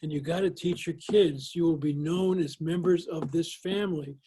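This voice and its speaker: A man's voice: on the high side, moderate pace, noisy background. An older man answering interview questions, talking in a folksy storytelling way with lots of "you know"s. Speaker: guest. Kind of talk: interview conversation.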